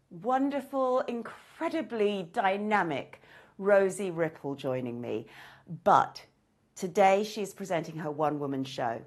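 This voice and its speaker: A female show host gives a gushing, emphatic introduction to her guest. Her voice jumps around a lot in pitch. She speaks at an unhurried pace. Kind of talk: enthusiastic presenter introduction.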